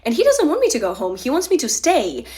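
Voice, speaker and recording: Chatty young woman telling a lively story. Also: high voice, fast. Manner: candid, confessional, chatty with many "like"s. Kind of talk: casual storytime narration.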